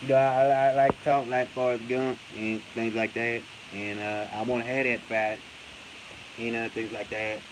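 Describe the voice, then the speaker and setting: A man doing an impression of a slow-spoken male boxer who drawls, hesitates and trails off into filler phrases. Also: mid-range voice, flat delivery, noisy background, voice pushed down, natural voice. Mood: drawling mumble.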